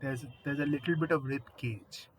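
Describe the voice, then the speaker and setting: A man casually retelling a horror story, animated and conversational, swearing now and then. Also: mid-range voice, moderate pace, slight background noise, rough recording.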